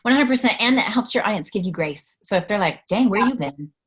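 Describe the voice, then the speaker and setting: Woman guest, casual interview talk, excitable and animated, laughs a lot. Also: medium pitch, fast.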